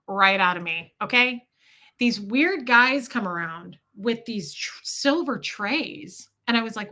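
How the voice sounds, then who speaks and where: A woman with a bright, forceful voice set a little high, talking on a casual livestream. She tells her story in an animated, sarcastic way and swears freely. Now and then she stops to thank viewers for their super chats. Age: adult, mother of a school-age son.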